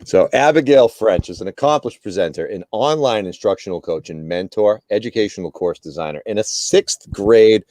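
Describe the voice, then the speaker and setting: Man, very low voice, dry sound, friendly energetic co-host, reads guest introductions. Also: normal speed, hardly any pauses, dry recording. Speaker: middle school principal, co-host. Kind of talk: live-streamed talk show hosting.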